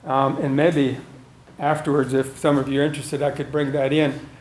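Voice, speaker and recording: A man's voice: mid-range voice, level tone, moderate pace, darkish tone, a little hiss or hum. A man giving a live public lecture as a wildlife biologist, talking conversationally, telling field stories and asking the audience questions. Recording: echoey room sound.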